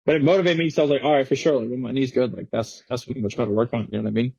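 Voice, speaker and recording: A man's voice: medium pitch, steady tone, rapid-fire, vocal fry, dark tone, husky, no echo, lo-fi sound. A young man in his twenties, a guest skateboarder telling stories in casual, slangy, swearing chat in a podcast studio. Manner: slangy, swearing, laughing storyteller.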